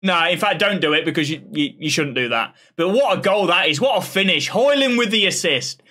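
Excitable football fan. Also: male voice, high voice, a little fast. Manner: excitable, cheering then reflective. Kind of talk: live match reaction.

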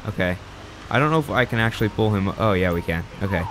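Chatty young man, low voice. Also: expressive, fast talker, a bit bright, a little hiss or hum. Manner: rambling, chatty, self-deprecating. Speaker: gaming channel host. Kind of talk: casual gameplay commentary.

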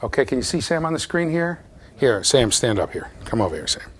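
A man's voice: mid-range voice, sing-song, brisk, a little hiss or hum. A man giving a university lecture to a large class, playful and talking straight to his students. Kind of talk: classroom lecture with live demonstration.

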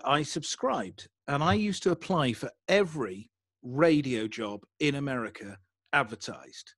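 An older man from England talks in a neutralized English accent, his voice sitting a little high. He tells his stories in an animated, chatty way. The sound is dry and close. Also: no room sound. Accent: neutralized English, mid-Atlantic. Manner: animated storyteller, breaks into mock radio DJ voice. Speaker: podcast guest. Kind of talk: casual podcast conversation.

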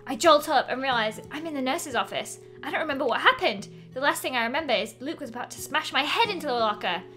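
Bright high-voiced woman, teasing reader. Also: animated, faint music behind. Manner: teasing, bright and quick to laugh. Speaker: YouTuber co-reading fan fiction. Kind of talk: playful comedic reading with a friend.

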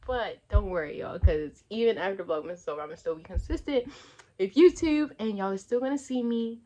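A woman's voice: mid-range voice, animated, moderate pace, mellow. A young woman vlogging to camera in casual, rambling chat, laughing often and talking with lots of fillers.

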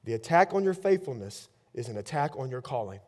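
A man preaching a sermon as pastor, shifting between fervent declarations and quiet, intense emphasis. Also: mid-range voice, big pitch swings, brisk. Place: church.

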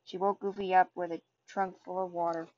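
A woman reading a storybook aloud, halting and restarting over words. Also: on the low side, level tone, darkish tone. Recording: dull lo-fi recording.

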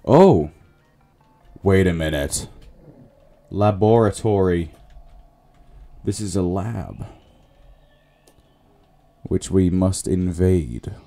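Low, mellow-voiced man narrating his gameplay. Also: animated, very slow, pauses often, faint music behind. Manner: muttering running commentary to himself and viewers. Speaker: gaming channel host. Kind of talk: casual let's-play commentary.

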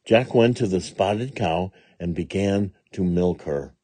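A man reading a children's storybook aloud in a slow, gentle and expressive way, with a husky voice. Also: deep voice, no echo. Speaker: storybook reader.

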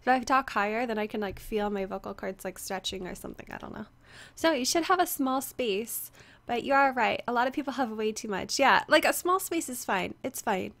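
A woman's voice: on the high side, fairly quick, a bit bright. A young woman streaming a game and chatting with viewers, her voice strained from screaming the day before, full of fillers as she greets people by name. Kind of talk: casual chat with viewers. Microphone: headset.

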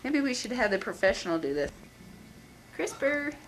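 Lively mother coaxing her toddler. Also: medium pitch, quick pace, slight background noise, rough recording. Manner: coaxing, playful, sing-song with her child. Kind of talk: home video chat. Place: apartment indoors. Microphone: camcorder built-in mic, behind the camera.

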